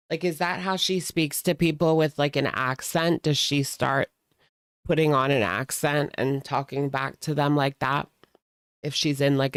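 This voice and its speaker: A woman in a casual commentary video, unhurried and drawling, her voice slipping into a gravelly fry. She sounds sarcastic and chatty and keeps reaching for "like." The sound is dry and close, with no room around her. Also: low voice, dry recording. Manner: sarcastic, chatty, heavy use of "like". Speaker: commentary host.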